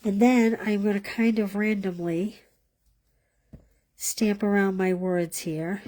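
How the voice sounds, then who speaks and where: A woman's voice: mid-range voice, steady tone, slow, a little mellow. A woman leading a live card-making class, chatting as she demonstrates and thinking aloud, sometimes dropping to a whisper as she works.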